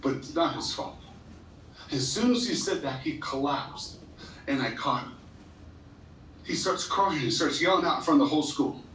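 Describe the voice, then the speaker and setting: A man with a slightly high, bright, expressive voice gives an earnest, heartfelt motivational speech to students at a school assembly, telling emotional stories at a moderate pace with frequent pauses and stumbling or repeating himself when moved. Recorded from far off in a large, echoey school hall or gym, the audio carries a little hiss or hum.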